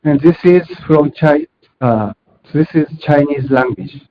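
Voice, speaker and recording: A man with a Japanese accent, a native Japanese speaker, giving a technical conference presentation in a halting way with many fillers and restarts. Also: on the high side. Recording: dull lo-fi conference audio.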